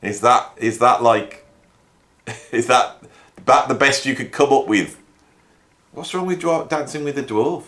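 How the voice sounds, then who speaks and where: A man's voice: medium pitch, unhurried, long pauses, a bit bright. A middle-aged man from the Midlands, hosting a casual music commentary in a wry, rambling, mock-exasperated way. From English Midlands. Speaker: YouTube host and music educator.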